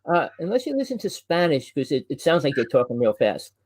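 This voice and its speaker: A man from New Jersey with a New Jersey accent, hosting a casual chat, talking loud and fast and rambling with restarts. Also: on the high side, very animated, no echo. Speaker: host.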